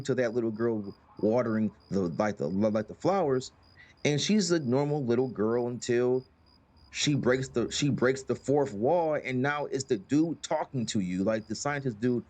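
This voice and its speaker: A man's voice: mid-range voice, animated, moderate pace, a little mellow. Rambling, filler-heavy young man. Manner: rambling, repeats words, lots of fillers. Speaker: host. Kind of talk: casual gaming chat.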